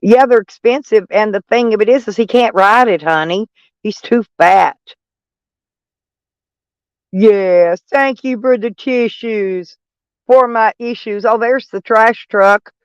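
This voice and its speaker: A woman's voice: fairly high pitch, slow, smooth, no room sound, lo-fi sound. A middle-aged woman chatting casually on a live stream, mocking and sarcastic toward trolls in her chat. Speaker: van life streamer.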